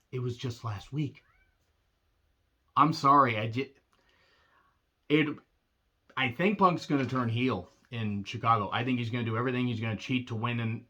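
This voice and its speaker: A man giving a casual recap of a wrestling show, sarcastic and blunt, often clearing his throat. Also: medium pitch, sharp tone.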